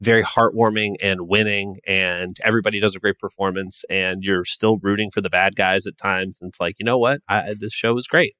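Gushing low-voiced man on a podcast. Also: fairly even intonation, brisk, few pauses, clear, resonant tone, no room sound, clean studio sound. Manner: warm-hearted, gushing praise, lots of agreeing murmurs. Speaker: podcast guest. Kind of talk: casual podcast chat.

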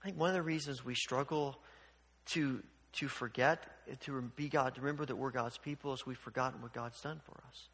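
A man's voice: mid-range voice, brisk. Preacher man in a reverberant hall. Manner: animated, acts out voices of God and the people, sarcastic asides. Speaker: pastor. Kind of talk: sermon.

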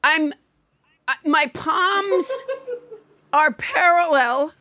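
A woman hosting a comedic podcast, wry with quick asides. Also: high voice, bright, forceful tone, no room sound, studio quality. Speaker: podcast host.

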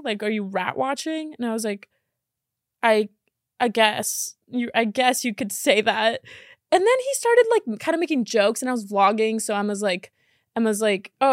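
A woman's voice: on the high side, dry recording, clean studio sound. A young woman hosting a podcast, chatting casually and rambling, laughing often and saying "like" a lot. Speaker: podcast host. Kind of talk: casual chat.

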